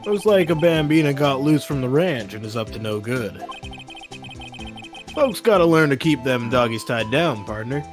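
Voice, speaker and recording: A man voicing a cocky cowboy-style detective who talks in a slow Wild West drawl. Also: mid-range voice, animated, close to an everyday voice. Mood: swaggering. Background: game music.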